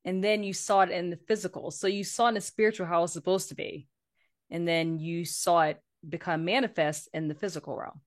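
A woman hosting a faith podcast, asking calm, reflective follow-up questions in a conversational way. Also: on the low side, fairly quick. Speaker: podcast host. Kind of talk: conversational interview.

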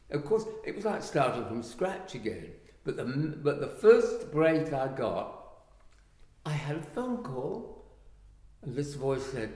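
Older man telling stories, echoey room. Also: medium pitch. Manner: animated, acts out quoted voices. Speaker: guest, writer and actor. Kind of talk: anecdotal storytelling. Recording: echoey room with long reverb.

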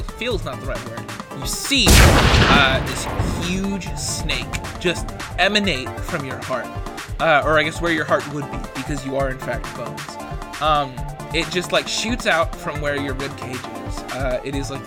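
A man serving as game master, narrating a tabletop role-playing scene in a halting way, with many ums and likes. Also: on the high side. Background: background music.

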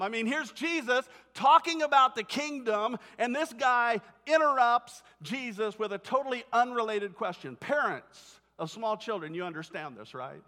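A male pastor delivers a sermon in a church, talking to the congregation in a conversational, storytelling way. His voice sits high for a man, and he slips into little acted-out voices as he goes. The sound rings with the long reverb of a big hall. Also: lively intonation, moderate pace, few pauses, pushed and bright. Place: church sanctuary.

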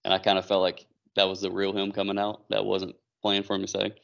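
Gravelly low-voiced man, lively recap. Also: fast. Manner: animated retelling, acting out quotes. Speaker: podcast co-host. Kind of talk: casual recap chat. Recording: dull lo-fi recording.

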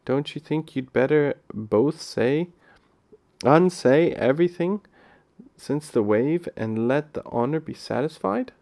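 A man reading aloud, voicing a gentle, sensible older girl who talks soothingly and earnestly. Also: a little high, lively intonation, takes it slowly, vocal fry, full character voice.

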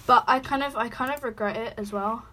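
A woman's voice: fairly high pitch, slight background noise. A teenage girl, hosting a casual chat and animatedly retelling a text conversation. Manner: fast, animated storytelling. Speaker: podcast host. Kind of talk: casual chat, reading out texts.

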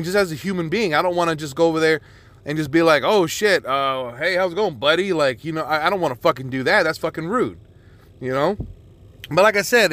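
Man, podcast host, casual solo monologue, swears constantly, rambles with lots of restarts, voice sits a bit high. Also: fairly bright tone. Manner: rambling and profane, with many restarts and filler words.

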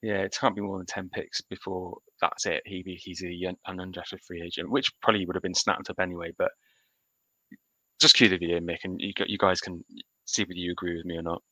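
A man's voice: low-pitched, level tone, brisk, bright, forceful tone, no echo, poor audio. A man co-hosting a podcast, talking casually and animatedly about football picks, often restarting his sentences. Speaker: podcast co-host. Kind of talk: casual sports chat.

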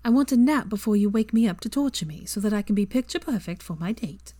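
A woman's voice: mid-range voice, animated, quick pace, dark tone, no echo, pitched above the performer's own voice, close to an everyday voice. A woman voicing a clever, stubborn young witch with a dry, wry way of talking, in a fan fiction reading.

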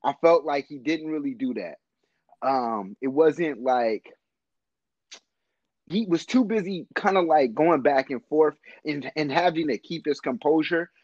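Male podcast co-host, casual and profane, quick laughs, slightly higher voice, dry lo-fi sound. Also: no echo. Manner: profane, laughs often, animated.

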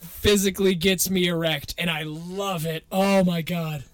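A young man with a high-pitched voice trades teasing jokes on a podcast, swearing casually. He sits close to the mic in a dry room with no echo. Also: steady tone, unhurried, a bit bright. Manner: teasing, joking, laughs a lot, swears. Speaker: podcast co-host. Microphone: podcast microphone.

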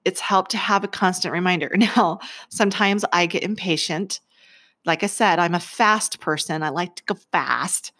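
A woman in her forties talks casually to camera. Her voice sits a little low, and she laughs easily while she tells a story. She slips into other people's voices as she goes. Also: moderate pace, fairly bright tone. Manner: chatty, laughs often, acts out voices in her stories. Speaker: vlogger.

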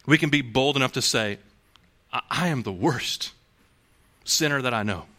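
A man's voice: medium pitch, normal speed, pushed and bright. A man preaching a sermon to a congregation in a conversational way, asking rhetorical questions and restarting phrases. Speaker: pastor.

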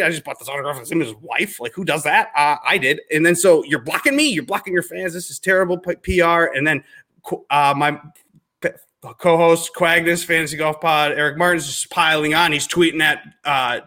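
Minnesota dude on a golf pod, bright kinda high voice, gets worked up telling stories. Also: male voice, a little fast. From Minnesota, US Midwest. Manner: animated storyteller, jumps into exaggerated outbursts. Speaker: podcast guest, realtor. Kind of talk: casual podcast chat.

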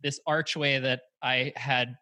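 A man's voice: medium pitch, flat delivery, slow, sharp tone, no echo. A man co-hosting a podcast from his office, chatting casually and laughing as he rambles through his stories. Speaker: podcast co-host. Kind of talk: casual chat. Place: office with arched windows.

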